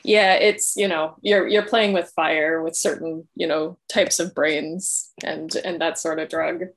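A woman's voice: low-pitched, steady tone, a little slow. A woman guesting on a podcast, chatting casually and easygoingly about a book. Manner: easygoing, laughs often, agreeable. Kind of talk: casual book-club chat.

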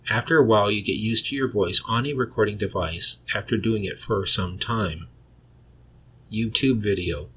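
A man with a deep voice hosts a solo podcast. He reads his script in a plain, measured way. The tone is bright and a little husky. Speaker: podcast host.

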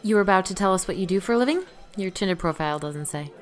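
A woman's voice: medium pitch, expressive, very fast, soft background music, close to an everyday voice. An actress in a comedy audio drama playing a self-important, curt businesswoman.

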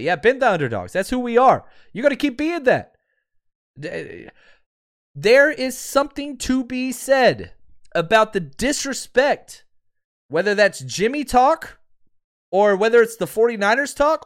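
Male podcast host in his thirties, high and lively voice, sarcastic fired-up fan rant. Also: moderate pace. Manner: heated, sarcastic ranting with mocking quotes; calms to a quieter, lower promo pitch.

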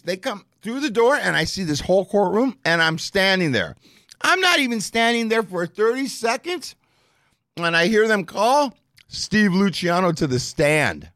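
A man casually telling a story on a podcast, profane and animated, heavy with street slang. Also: high-pitched, no room sound, studio quality. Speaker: storyteller guest.

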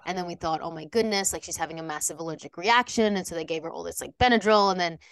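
A woman's voice: fairly low pitch, fast talker, a bit bright, clear, resonant tone, dry recording. An Australian woman co-hosting a podcast, chatting casually and rambling with lots of fillers and restarts. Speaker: podcast co-host. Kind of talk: casual chat.

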